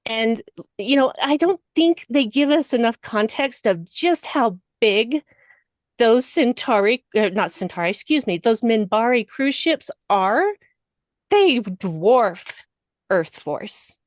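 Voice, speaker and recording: A woman guest on a podcast, talking emotionally and laughing often, her voice climbing high when excited. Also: slow pace, dry recording. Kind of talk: casual podcast discussion.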